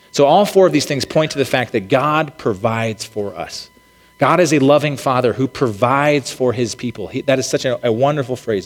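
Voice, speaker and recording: A man giving a sermon in a casual, conversational way, with frequent restarts and check-ins with the listeners. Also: medium pitch. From United States. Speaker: pastor. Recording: long reverb of a large hall.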